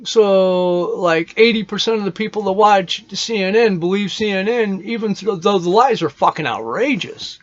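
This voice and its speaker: A man speaks in a fairly high voice, rambling and opinionated, swearing freely as he talks. His sentences trail off and restart, like a loose unscripted monologue. The recording sounds dull and lo-fi. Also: normal speed, hardly any pauses. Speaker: podcast host.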